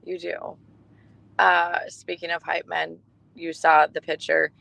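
A woman co-hosting a podcast, telling stories in casual chat, warm and emotional, with many restarts. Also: lowish voice, level tone, slow, creaky, no room sound, poor audio. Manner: chatty storytelling with restarts, emotional. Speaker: podcast co-host.

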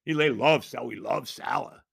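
A man's voice: mid-range voice, moderate pace, gravelly, a bit bright, breathy edge, no echo, clean studio sound. A man ranting as a sports talk host, exasperated and sarcastic, firing off rhetorical questions. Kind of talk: ranting sports commentary monologue.

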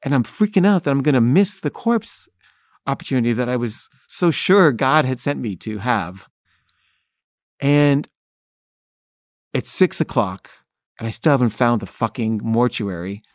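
A man's voice: medium pitch, animated, measured pace, pauses often, dry recording. Guy telling a story about himself, wry and candid, chuckles at his own stuff, mid-range voice, dry close sound. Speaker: filmmaker telling a personal story. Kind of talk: first-person storytelling.

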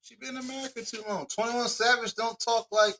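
A man co-hosting a podcast, chatting in a relaxed, slangy way and arguing his points. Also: extremely high pitch, brisk. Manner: laid-back, slangy, argues his point. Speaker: podcast co-host. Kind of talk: casual chat.

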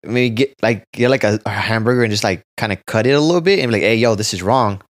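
A man's voice: medium pitch, lively intonation. A man co-hosting a podcast, who jokes and teases in casual chat. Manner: joking, teasing, quick with jokes. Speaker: podcast co-host.

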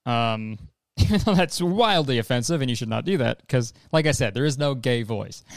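A man's voice: mid-range voice, animated, moderate pace, no echo, studio quality. A young man hosting a casual trailer reaction, rambling and joking with swearing. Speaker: host.

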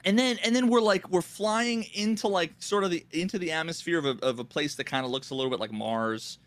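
A man co-hosting a casual gaming podcast, telling stories in an animated way and swearing freely. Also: a little high, fairly quick. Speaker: podcast co-host.

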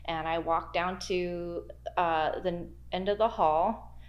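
A woman's voice: on the low side, fairly even intonation, takes it slowly, lo-fi sound. A woman guest telling a spooky workplace story in a podcast interview, acting out the quoted dialogue with big jumps in her voice. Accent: American Midwest. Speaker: guest, library archives worker.

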